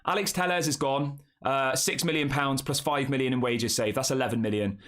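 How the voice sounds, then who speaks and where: A man's voice: medium pitch, steady tone, brisk, fairly bright tone. A young man hosting a casual football live stream, chatting and talking straight to his viewers. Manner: chatty, addresses the chat as guys. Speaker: football channel host.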